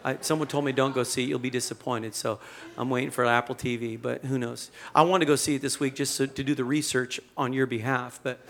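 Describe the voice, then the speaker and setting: A male pastor preaching a sermon in a conversational, animated storytelling manner. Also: mid-range voice, a little fast, creaky.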